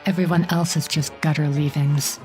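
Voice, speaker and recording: A woman plays a cruel woman general from a fantasy game, sneering and contemptuous. The voice sits on the low side and drips with scorn. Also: fairly even intonation, normal speed, a little mellow, soft background music, lightly acted. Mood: scornful. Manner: contemptuous, taunting.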